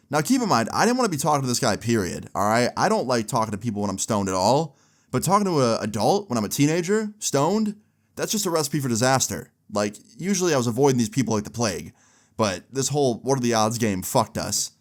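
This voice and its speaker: A man's voice: lowish voice, brisk. A young man casually telling a story, animating the other people's lines as he goes. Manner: animated, acting out the voices of others in the tale.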